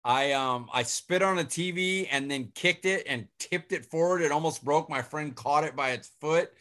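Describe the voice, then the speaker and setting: A man chatting casually as host, joking with quick comebacks. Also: on the high side, sharp tone. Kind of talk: casual chat.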